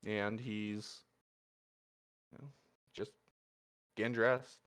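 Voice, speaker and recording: A man narrating a tabletop role-playing game as game master, in a relaxed, halting way. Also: lowish voice. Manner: relaxed, halting, full of restarts.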